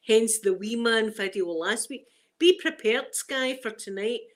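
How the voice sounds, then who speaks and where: A Scottish woman hosts a live stream, chatting casually with her viewers. Her voice sits fairly high and she talks slowly, rambling along and laughing easily.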